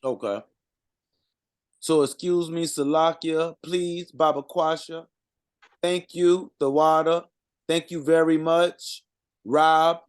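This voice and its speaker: Slow, halting man, fairly high voice. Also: steady tone, clear, resonant tone. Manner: halting, sounds out words, many fillers. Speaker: co-presenter reading out vocabulary. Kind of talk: informal language lesson.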